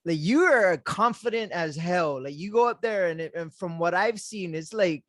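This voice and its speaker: A male podcast host with a high voice, recorded close and dry with no room sound. He asks questions in an easygoing, chatty way, full of fillers and quick laughs. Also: fairly bright tone, dry recording. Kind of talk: casual interview chat.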